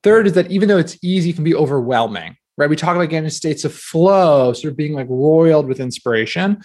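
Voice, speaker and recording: A man in his thirties from New Jersey, speaking as a guest in a relaxed interview. His voice sits a touch higher than most men's, and he rattles along with lots of "like" and "sort of," poking fun at himself as he tells stories. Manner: fast, filler-heavy, self-deprecating storytelling. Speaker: guest author. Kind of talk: casual interview talk.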